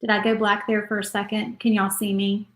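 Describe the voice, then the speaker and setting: A woman's voice: medium pitch, little pitch movement, fairly quick, a bit bright. Chatty woman crafting live, echoey room. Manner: chatty, thinks aloud while painting. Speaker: crafting livestream host. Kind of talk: casual live crafting chat.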